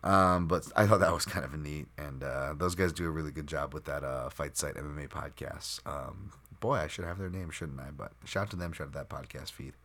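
A man with a deep, low-pitched voice hosts a solo podcast, talking off the cuff. He rambles, restarts his sentences and fills gaps with ums and you-knows. He is quick to make fun of himself. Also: a bit bright. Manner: rambling, self-deprecating, full of fillers and restarts. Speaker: podcast host. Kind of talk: solo unscripted podcast talk.

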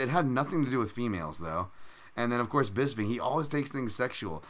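A man's voice: mid-range voice, expressive, fast talker, a bit bright. A man hosting a fight betting podcast in casual, profane, rambling chat with self-mocking jokes.

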